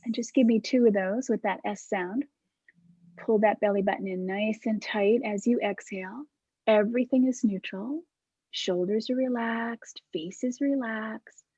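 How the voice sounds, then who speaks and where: A woman instructor calmly guiding a movement class over a video call, demonstrating breaths. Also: fairly high pitch, a little slow, no echo, muffled recording. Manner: calm, soft-spoken cueing with breathy demonstrations.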